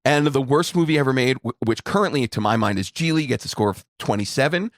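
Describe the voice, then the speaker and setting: Middle-aged male co-host, casual rambling movie chat, mid pitch, dry close mic. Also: quick pace, no room sound. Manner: rambling, restarts, laughs often. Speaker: podcast co-host.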